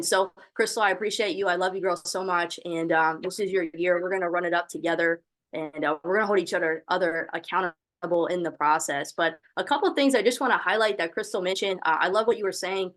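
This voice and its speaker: A woman's voice: fairly low pitch, fairly bright tone. A young woman hosting a motivational video call, encouraging and full of faith-filled fervor. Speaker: host of an online training call. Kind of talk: motivational pep talk on a call.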